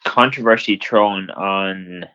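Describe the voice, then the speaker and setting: A low-voiced Irish man trades blunt, foul-mouthed remarks as a podcast co-host. His voice comes through dull and lo-fi. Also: pushed and bright. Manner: blunt, swears, quick jabs. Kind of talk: casual chat. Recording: dull lo-fi sound.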